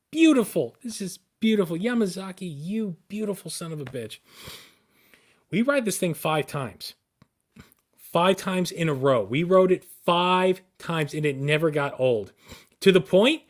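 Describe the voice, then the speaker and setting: A man co-hosting a podcast, recounting a story in an eager, rambling way. He trips over his words and restarts often. His voice sits a touch higher than most men's. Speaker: podcast co-host.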